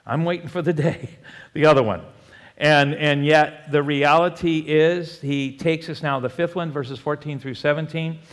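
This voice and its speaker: A man preaching a sermon as pastor, animated, moving between quiet and loud and prompting the congregation to answer. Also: a little high, a little slow. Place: church sanctuary. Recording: long hall reverb.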